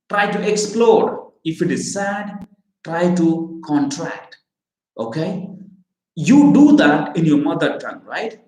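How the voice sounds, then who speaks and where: Slow, emphatic male recruiting trainer. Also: on the high side, a little mellow. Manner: slow, emphatic teaching with frequent "okay?" and "right?" checks. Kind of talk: training lecture. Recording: roomy echo.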